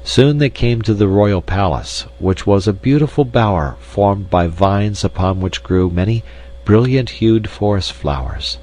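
A man narrating a children's story in a steady, measured way. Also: lowish voice, low-quality recording. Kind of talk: storybook reading.

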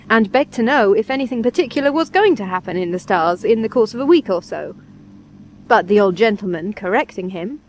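A woman reading a classic story aloud, lively and acting out the dialogue. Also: mid-range voice, a little hiss or hum, low-quality recording. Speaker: reader.

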